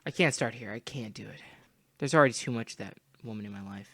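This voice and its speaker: Bright, foul-mouthed young man. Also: lowish voice, fast, no echo, clean studio sound. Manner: profane, loud outbursts. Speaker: gamer reading a visual novel aloud. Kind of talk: casual commentary with story reading.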